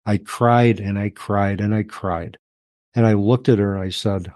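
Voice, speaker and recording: Middle-aged man, low voice, dry close sound; reflective, halting interview guest. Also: steady tone, a little mellow, no room sound. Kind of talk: personal storytelling in an interview.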